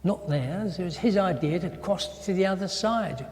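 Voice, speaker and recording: Pastor telling a story in an echoey hall. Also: male voice, high voice, normal speed. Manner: animated storytelling, acting out dialogue in quoted voices. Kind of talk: sermon with personal story. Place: church hall. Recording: echoey church hall with long reverb.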